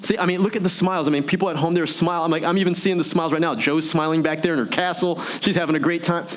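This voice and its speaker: A man giving an energetic motivational keynote, full of rhetorical questions and audience prompts. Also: fairly high pitch, very fast. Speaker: motivational speaker. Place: virtual meeting event.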